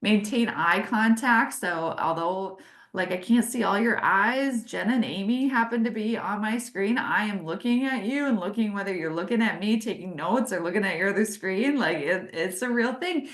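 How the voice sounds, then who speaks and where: A woman in her forties teaching a leadership webinar over a video call, animated and emphatic, leaning into key words. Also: mid-range voice, normal speed, roomy sound. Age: 40s. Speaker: leadership consultant hosting a webinar.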